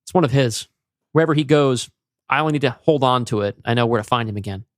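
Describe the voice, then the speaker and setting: A man voicing a weary, lonely grown man who talks in a calm, matter-of-fact way. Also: mid-range voice, quick pace, no room sound, studio quality, lightly acted. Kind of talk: podcast story reading.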